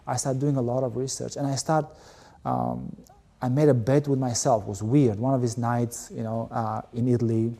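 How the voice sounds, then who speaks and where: In an interview, an Albanian volleyball player recounts an emotional chapter of his life, candid and meandering, with plenty of filler words. His mid-range voice is dark-toned with vocal fry, fairly even in intonation, delivered at a normal speed.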